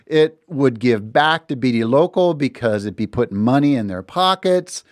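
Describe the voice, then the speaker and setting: A middle-aged man tells a story on his podcast in a loose, conversational way, and his voice sounds smooth and resonant. He keeps the telling lively and acts out the people in his story. The sound is dry and close, recorded in a studio. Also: mid-range voice, moderate pace, no echo. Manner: animated, slips into voices when quoting others. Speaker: podcast host. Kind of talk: casual storytelling monologue.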